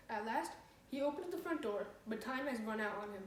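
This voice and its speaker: A woman reading a comic short story aloud, lively and switching voices for the characters. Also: a little high, brisk, a little hiss or hum. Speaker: reader. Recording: echoey room, far from the mic.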